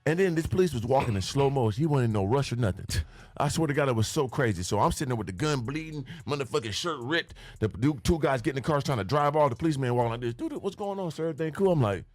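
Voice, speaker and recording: An older man, senior to the hosts, recounts his life story as a podcast guest, scene by scene, with vivid, profane detail and spoken sound effects. His medium-pitched voice moves with lively intonation, and he talks fast. The recording is dry.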